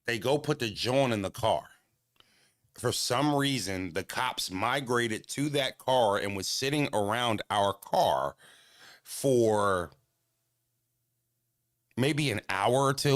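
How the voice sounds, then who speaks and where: An American from Pennsylvania chats casually while telling a story, often swearing and laughing as he mimics other people. His pitch is medium and his tone fairly bright, with clean studio sound and no echo.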